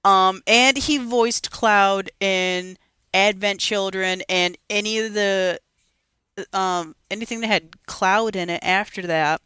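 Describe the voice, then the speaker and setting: A young adult woman co-hosting a casual gaming podcast, chatty and animated, with frequent giggles. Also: mid-range voice, slow pace, smooth, dry recording. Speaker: podcast co-host.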